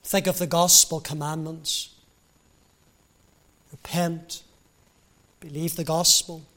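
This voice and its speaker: A male preacher delivers a gospel sermon in a high, measured voice. He speaks slowly and deliberately, then swells into loud, fervent emphasis. He is heard from a church pulpit. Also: flat delivery. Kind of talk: evangelistic sermon.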